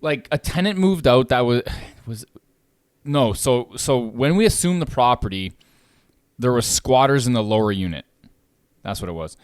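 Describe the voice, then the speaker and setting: A man talking casually on a podcast, spinning an animated story about a bad tenant. His voice sits in a middle range and he swears freely, building up steam as he goes. The sound is dry and close, with no room around it. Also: medium pitch, normal speed, smooth, no echo. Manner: animated storytelling, swears freely, gets louder when riled. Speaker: podcast host, landlord.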